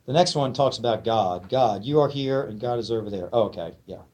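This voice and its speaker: A man in a lecture room speaks to a live audience about spiritual ideas. His voice sits at an ordinary middle pitch. He talks in an emphatic, conversational way and keeps checking in with the room to make sure his listeners follow. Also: expressive, brisk, a little mellow. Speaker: spiritual teacher giving a lecture.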